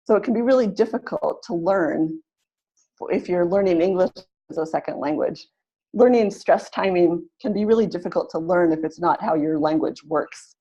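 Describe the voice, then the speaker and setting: A woman leading a webinar for language teachers, explaining in a practical teaching tone and slowly modeling example sentences. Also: on the low side, warm tone, slightly rough, highs cut off. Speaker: teacher trainer. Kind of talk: webinar presentation. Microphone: computer mic in an online webinar.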